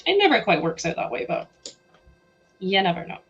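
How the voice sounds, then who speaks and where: A woman's voice: medium pitch, huge pitch swings, fairly quick, a bit bright, lo-fi sound, soft background music. A young woman with a sore throat, chatting casually and giggling on a livestream while she builds, talking into a headset at home. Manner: chatty, giggly, reacts to chat aloud. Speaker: livestream host.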